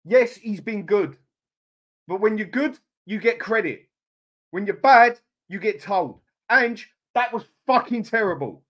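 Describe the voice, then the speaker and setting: A furious man in middle age tears into his team's tactics with blunt, sweary anger. His voice sits high for a man, and he sounds openly fuming as he rants to his live audience. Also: lively intonation, unhurried, a bit bright. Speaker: fan channel host. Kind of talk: angry live-stream football rant.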